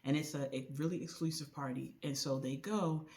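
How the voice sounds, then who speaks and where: A woman casually recapping a novel for a book recommendation vlog, talking colloquially and acting out the characters' lines in an animated way. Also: low-pitched, brisk. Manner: chatty, animated retelling with voiced quotes; colloquial with frequent "like" and "you know". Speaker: book reviewer.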